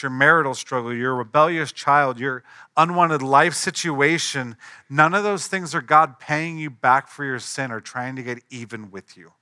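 A man's voice: mid-range voice, bright, forceful tone, dry recording, clean studio sound. A pastor preaching an earnest, emphatic sermon, mixing conversational asides into his message.

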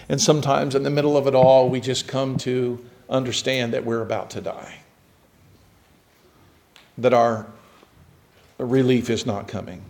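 Male preacher, sermon delivery, swings from loud rising emphasis to hushed near-whispers, mid-pitched voice. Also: level tone, unhurried, long pauses.

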